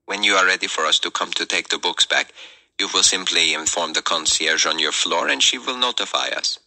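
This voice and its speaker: A businesslike, stout Russian woman librarian speaks in formal, declaratory sentences, as a male narrator puts her on. The voice stays deep and bright-toned. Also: brisk, creaky, heavily acted, poor audio. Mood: brisk.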